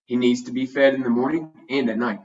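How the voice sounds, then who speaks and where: A patient, kindly father explains things calmly in a storybook reading, as a man reads him. His pitch sits right in the middle. The recording is muffled and a little distant. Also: fast, natural voice. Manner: calm, explaining. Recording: dull, distant home recording.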